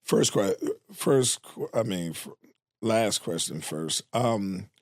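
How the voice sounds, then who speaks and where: Low-voiced laid-back male guest comic. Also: expressive, slow pace, no room sound, clean studio sound. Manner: laid-back, profane, storytelling. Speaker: guest comedian. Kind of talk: casual chat.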